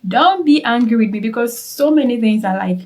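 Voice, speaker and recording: A woman's voice: fairly high pitch, animated, fairly quick, a little mellow, poor audio. A young woman from Ghana speaks with a Ghanaian accent in easy, casual vlog chat. She often repeats words for emphasis and turns to ask her viewers if they follow. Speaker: travel vlogger.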